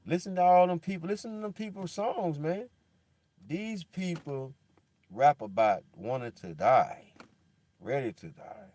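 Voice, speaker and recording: Rambling in slang and tossing out plenty of "bro" and "dog," a man talks casually at an unhurried pace. His delivery lurches from loud, animated bursts down to a low, somber mutter.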